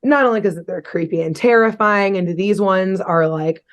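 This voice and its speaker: A young woman chats casually as a podcast co-host, recapping a cartoon with quick, giggly energy. Her voice sits at an ordinary middle pitch, and she swears freely. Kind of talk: casual chat.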